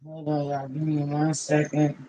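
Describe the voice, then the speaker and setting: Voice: mid-range voice, monotone, moderate pace. A livestream host in casual chat who greets viewers one by one by name, drawing out each greeting and calling people honey and baby. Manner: warmly familiar, calls people honey and baby.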